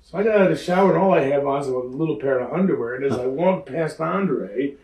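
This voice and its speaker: An older man, once a pro wrestler, recounts his stories with animated, playful energy and slips into the voices of the people in them. His voice sits somewhat high for a man. He sounds set back from the microphone, with a roomy echo around him. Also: fast, recorded from a distance. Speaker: former pro wrestler, interview guest. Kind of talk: lively anecdotal storytelling. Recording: roomy echo, speaker off-mic.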